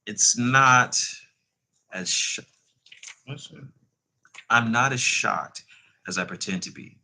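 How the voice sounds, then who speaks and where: A man voicing a composed, centuries-old male vampire, in a measured and unhurried read-aloud manner. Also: mid-range voice, gravelly, pushed and bright, exaggerated voice, poor audio. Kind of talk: reading a novel aloud.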